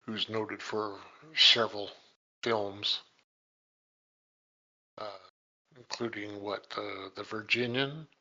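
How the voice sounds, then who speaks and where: A man co-hosting a podcast, talking through a classic film in a slow, halting way and restarting his words. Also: fairly low pitch, steady tone, sharp tone, highs cut off. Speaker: podcast co-host. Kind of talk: casual film discussion.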